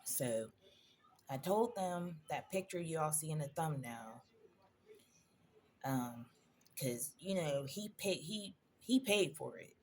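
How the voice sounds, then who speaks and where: A woman's voice: low voice, lively intonation, takes it slowly, long pauses, darkish tone, slight background noise. A woman in a personal vlog, telling a painful story in a conversational, emotional way, addressing viewers directly. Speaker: vlogger.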